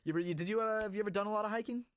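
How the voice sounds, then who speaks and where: A man chatting casually as a co-host, rambling with fillers and quick restarts. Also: high-pitched, fairly bright tone, clean tone, dry recording. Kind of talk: casual chat.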